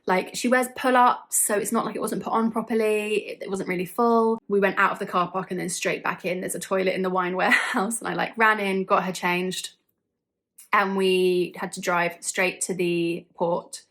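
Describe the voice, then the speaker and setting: A woman's voice: medium pitch, steady tone, normal speed, fairly bright tone. A young woman telling a story casually to her vlog audience, chatty, with lots of fillers and frequent laughs. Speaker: vlogger.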